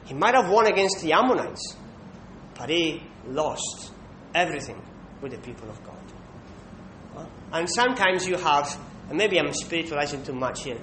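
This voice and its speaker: A man preaching a sermon, emphatic, pausing to check in with listeners with a questioning "hmm". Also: a bit bright. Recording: echoey room with faint rumble.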